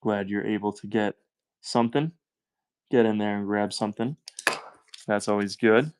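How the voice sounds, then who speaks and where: A man's voice: lowish voice, steady tone, moderate pace, darkish tone, clear, resonant tone, no echo. A man with a Southern US accent hosting a live-stream coin auction, talking in upbeat, chatty selling patter and thanking buyers by name.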